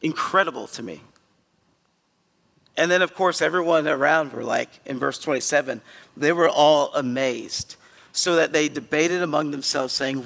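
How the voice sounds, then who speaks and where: A male pastor giving a conversational sermon in a church, earnest and emphatic, with sudden loud bursts. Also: on the high side, normal speed, vocal fry, long reverb tail. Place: church sanctuary.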